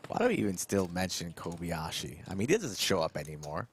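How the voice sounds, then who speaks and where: A man with a very low voice calls a poker final table live from a booth. He keeps it light, joking with the chat over a faint background hiss. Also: big pitch swings, a little fast. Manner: jokey, banters with live chat. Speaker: poker commentator. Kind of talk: live poker stream commentary. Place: commentary booth.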